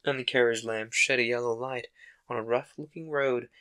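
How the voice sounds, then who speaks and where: A man host reading a classic children's book aloud in a calm, steady narration. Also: mid-range voice, moderate pace, smooth. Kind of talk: audiobook-style narration.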